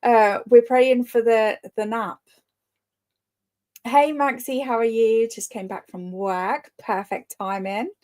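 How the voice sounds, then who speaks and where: A woman's voice: a little high, fairly even intonation, takes it slowly, a little mellow. A woman hosting a live reading sprint, chatting casually and greeting commenters by name, often laughing. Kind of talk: casual live-stream chat.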